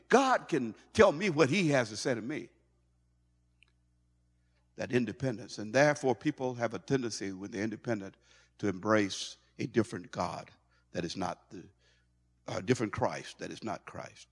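A male pastor preaching a sermon in an animated way, stumbling over and repeating words as he goes. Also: on the low side, moderate pace, long pauses, slightly rough. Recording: long hall reverb.

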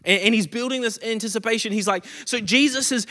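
A man's voice: high-pitched, fast, hardly any pauses, pushed and bright, in a large hall. A man preaching a sermon, earnest, often stumbling and restarting as he stresses repeated phrases, a little short of breath. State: recovering from illness, short of breath.

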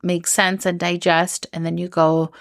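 A woman's voice: lowish voice, flat delivery, a little slow, gravelly, no room sound, studio quality. A young woman hosting a podcast, telling a personal story in a candid, rambling way with lots of "like" and restarts. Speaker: podcast host.

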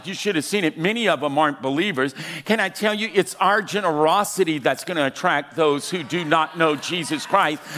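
A pastor in his sixties preaching a sermon, telling humorous stories that build to loud calls of "come on.". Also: fairly high pitch. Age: 60s. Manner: storytelling with jokes, rising to loud exhortation.

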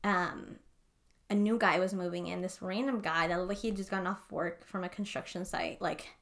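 A woman's voice: on the low side, steady tone, fairly quick, gravelly, fairly bright tone. A young woman co-hosting a podcast, telling a story in a rambling, casual way with lots of swearing. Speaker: podcast co-host. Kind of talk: casual chat.

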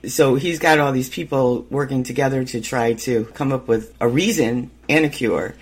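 A man's voice: medium pitch, normal speed, husky. A man hosting a podcast, chatting casually through an episode recap and laughing easily. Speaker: podcast host.

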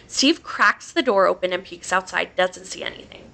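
A woman's voice: on the low side, moderate pace, creaky, pushed and bright. A woman podcast host casually reading a horror story aloud, swearing freely and laughing between lines.

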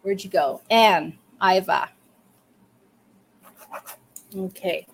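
A woman's voice: mid-range voice, very slow, vocal fry, husky. A woman hosting a live psychic reading stream, speaking encouragingly and directly to her viewers. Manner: warm encouraging talk, addresses viewers directly. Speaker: psychic reader and livestream host.

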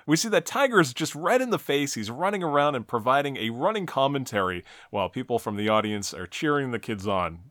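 Lively man recapping an episode. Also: mid-range voice, a little fast, few pauses, no room sound. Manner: explains plot step by step, dry jokes. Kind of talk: episode recap and casual chat.

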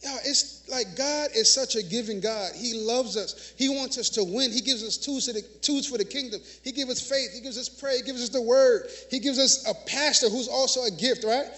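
A man's voice: very high voice, normal speed, hardly any pauses, bright, forceful tone. A man preaching a sermon in a church, conversational, leading call-and-response with frequent "y'all" and "right?" and laughing often. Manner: call-and-response preaching, asks congregation to repeat words. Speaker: minister. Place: church sanctuary.

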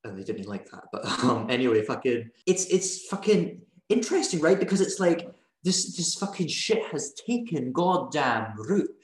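A woman with a Scottish accent tells stories in a loose, profane, animated way. She sounds like a union organizer chatting casually on a podcast. Her voice carries a roomy echo. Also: sits low, moderate pace. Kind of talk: casual podcast chat, storytelling.

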